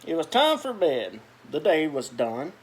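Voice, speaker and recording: Man, storybook reader, slow deliberate pace, very lively up-and-down pitch, chatty asides. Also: breathy edge. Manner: animated, chatty asides about the pictures. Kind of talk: reading a picture book aloud to children.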